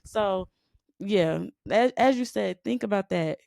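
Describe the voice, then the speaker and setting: A woman co-hosting a faith podcast. She preaches conversationally, driving each point home through repetition and rhetorical questions. She has a gravelly edge, a middling pitch and a dry, close recording. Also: slow, darkish tone, dry recording. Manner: emphatic, repeats "you know what I'm saying". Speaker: podcast co-host.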